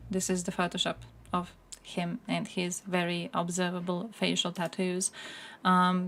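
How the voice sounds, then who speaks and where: Angry, swearing woman streamer. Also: on the low side. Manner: angry, profane, laughing asides. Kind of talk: casual live-stream commentary.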